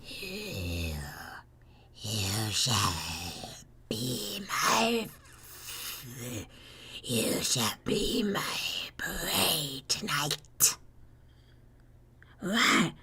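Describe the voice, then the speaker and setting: A woman voicing the Joker, a menacing male villain, in a slow, breathy, hissing drawl. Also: deep voice, sing-song, pushed and bright, voice pushed down, heavily acted. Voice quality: breathy whisper. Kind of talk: live-stream voice impression.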